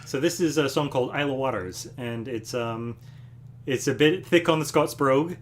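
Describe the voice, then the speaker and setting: A man hosting a music livestream from home, casually explaining a song between numbers, relaxed and rambling with fillers. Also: mid-range voice, moderate pace. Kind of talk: casual chat between songs. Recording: guitar playing loudly behind.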